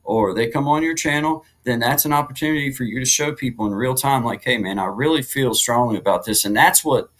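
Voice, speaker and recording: Bright-voiced folksy man co-hosting a stream. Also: mid-range voice, a little fast, hardly any pauses, poor audio. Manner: folksy, rambling, gives shout-outs to viewers. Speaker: co-host of a live music and talk stream. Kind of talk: casual live-stream chat.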